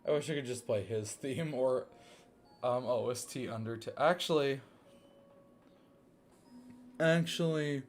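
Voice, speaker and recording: A man's voice: mid-range voice, a little slow, pauses often, faint music behind. A young man reading fanfiction aloud for laughs, swearing and self-mocking as he comments on it. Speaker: reader reacting to fanfiction.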